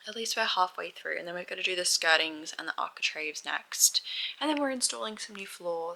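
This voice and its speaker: Bright-voiced young woman vlogging. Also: fairly low pitch, vocal fry. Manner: emotional, dramatic reactions with frequent swearing. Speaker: reading vlogger. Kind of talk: casual vlog chat.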